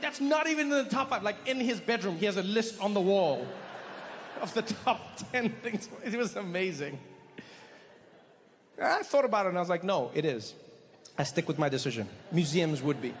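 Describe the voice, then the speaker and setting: A man doing stand-up storytelling on stage into a handheld mic, animated and breaking into quick voices for the people in his stories. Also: very high-pitched, big-room sound, slight background noise. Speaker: stand-up comedian.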